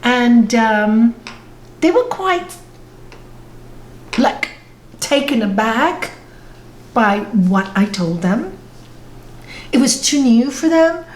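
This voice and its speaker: A woman's voice: on the high side, animated, extremely slow, pauses often. A woman spiritual teacher answering audience questions on a video call, telling stories earnestly and correcting herself as she goes. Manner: storytelling, warm and earnest, with self-corrections. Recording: echoey video call room with faint noise.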